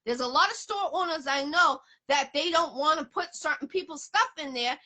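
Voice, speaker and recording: A woman hosts a relaxed interview, her voice high and bright. She talks emphatically, circling back to the same points again and again. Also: moderate pace. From Boston area. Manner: emphatic, repeats herself, promotional. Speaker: host. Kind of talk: casual interview chat.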